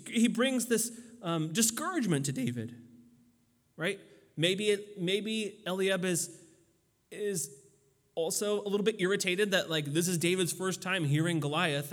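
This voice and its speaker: A man's voice: a little high, in a large hall. A man preaching a sermon in a loose, conversational way, with plenty of fillers and restarts. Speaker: pastor.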